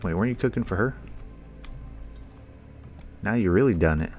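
A man's voice: fairly low pitch, animated, normal speed, a little mellow, soft background music. A young man casually commentating a horror game, joking, swearing and talking back to the characters. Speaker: gaming YouTuber.

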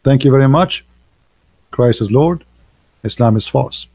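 Gravelly, dark-voiced man preaching emphatically. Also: medium pitch, unhurried, no echo. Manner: emphatic, scornful, repetitive; non-native English phrasing. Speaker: livestream host. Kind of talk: preaching live stream talk.

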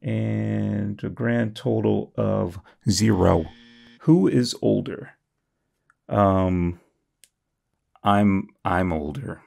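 A young man reading and reacting to comments on his channel, jokey and self-mocking, swinging from high squeals to low mutters. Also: very slow, gravelly, long pauses, a little mellow. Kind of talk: comedic comment-reading vlog.

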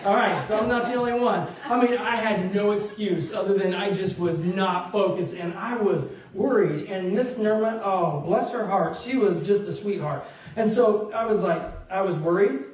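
A man in his thirties delivers a sermon, and his voice sits high for a man. He tells a personal story with lively energy and acts out the people in it. The sound comes from a distant mic in a church with heavy echo. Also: normal speed. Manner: animated storytelling, acts out quotes, laughs along. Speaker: pastor. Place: church sanctuary.

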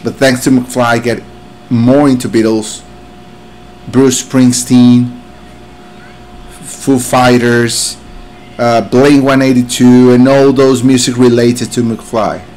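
A man's voice: mid-range voice, level tone, slow, pauses often, darkish tone, slight background noise. A man with a Mexican accent, a native Spanish speaker, hosting an album reaction and gushing with emotion. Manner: effusive, exclamatory, overcome with emotion. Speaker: music reaction video host. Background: the song playing faintly.

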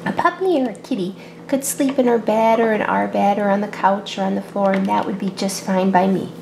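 A woman voicing an agreeable mother bunny in a toy play-acting video, soft and easygoing. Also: medium pitch, a little fast, gravelly, roomy sound, background noise, pitched below the performer's own voice, natural voice.

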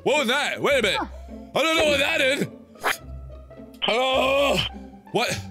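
A man doing let's play commentary, loud and exclaiming, teary and pained from wasabi burn. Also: very high-pitched, expressive, measured pace, music in the background. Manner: loud, exclaiming, yelping in pain. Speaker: gaming video host.

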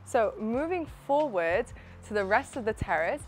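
A woman's voice: on the high side, lively intonation, moderate pace, faint music behind. A young woman presenting a walkthrough tour of a townhouse, chatty and enthusiastic, speaking straight to the viewer as she walks through the rooms. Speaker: real estate presenter. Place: inside a townhouse and on its rooftop terrace.

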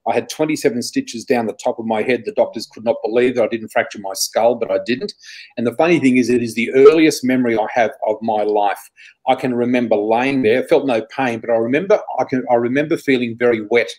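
A man's voice: mid-range voice, a little fast, poor audio. Australian man telling a rambling story. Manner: animated, rambling storyteller with frequent restarts. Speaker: guest psychic. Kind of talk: storytelling in an interview.

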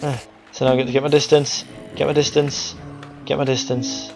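Excitable young man narrating his gameplay. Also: mid-range voice, normal speed, vocal fry, faint music behind, poor audio. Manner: excitable, frustrated outbursts at enemies; talks to the viewers. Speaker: gaming video host. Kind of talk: casual gameplay commentary.

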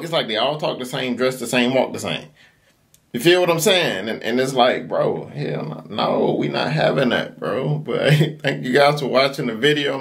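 A man's voice: a little high, creaky, fairly bright tone. A man hosting a reaction video, giving slangy, casual commentary that keeps breaking into laughter. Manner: slangy, laughs a lot while talking.

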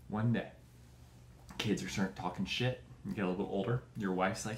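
A man's voice: sits low, steady tone, a little fast, echoey room, slight background noise. A man hosting a comedy show, ranting crudely in a rambling, mocking way and acting out other people's voices. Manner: profane, rambling, mocking, acts out quoted voices. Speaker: comedy podcast host.

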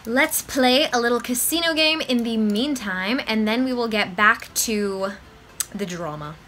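A woman's voice: a little high, unhurried, sharp tone. A young woman giving bubbly, giggly gameplay commentary as a vlogger. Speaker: gaming vlogger. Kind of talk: gameplay commentary with read dialogue.

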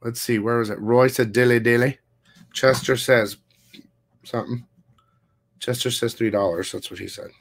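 A man hosting a casual comic book livestream, talking fast and loose, swearing freely and reading viewer comments aloud. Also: medium pitch. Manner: profane, excitable, reads chat aloud. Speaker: comic shop livestream host. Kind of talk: casual live-stream chat.

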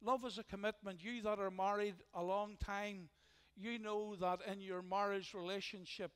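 A man's voice: sits high, fairly even intonation, normal speed, clear, resonant tone. A man with a Northern Irish accent preaching a sermon as pastor, earnest and emphatic, often repeating phrases for weight. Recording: long hall reverb.

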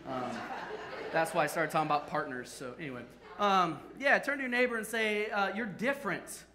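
Bright, high-voiced man preaching with humor. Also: fairly quick. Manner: playful, joking with the congregation. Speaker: pastor. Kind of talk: sermon. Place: church sanctuary. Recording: echoey church sanctuary.

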